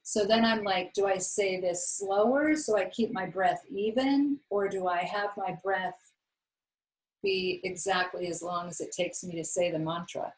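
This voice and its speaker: A woman's voice: medium pitch, a little slow, low-quality recording. A woman yoga teacher talking her class through a practice in a chatty, rambling way with lots of fillers. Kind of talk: casual yoga class talk.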